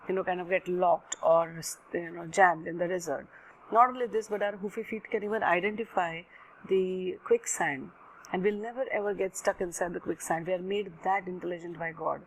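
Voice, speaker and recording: A woman voicing a wise, gentle mother camel in a spoken story, explaining slowly with many fillers. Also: on the low side, slight background noise, close to an everyday voice, low-quality recording.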